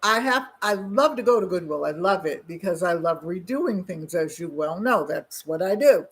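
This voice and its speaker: Older husky-voiced woman telling rambling stories. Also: fairly low pitch, animated, normal speed. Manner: rambling storyteller with many asides and restarts. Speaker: channel host. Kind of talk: casual chat.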